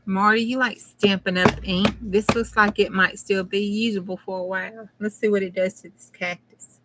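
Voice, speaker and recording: A woman's voice: medium pitch, fairly bright tone, a little hiss or hum. A middle-aged woman with a Southern US accent, chatting casually with her viewers during a crafting stream and laughing often. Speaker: crafting channel host. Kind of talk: casual crafting livestream chat.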